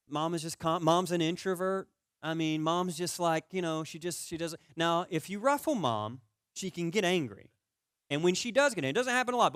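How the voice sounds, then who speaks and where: A man's voice: on the high side, no echo, studio quality. A man preaching a sermon as a pastor, talking conversationally, asking the audience questions and acting out stories from his childhood. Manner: storytelling, animated with rising volume in anecdotes.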